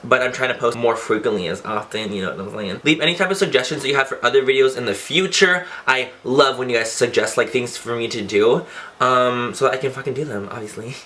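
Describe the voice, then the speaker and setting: A man's voice: mid-range voice, quick pace, sharp tone. A young man chatting casually through a makeup tutorial, campy and playful, swearing for fun. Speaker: beauty vlogger.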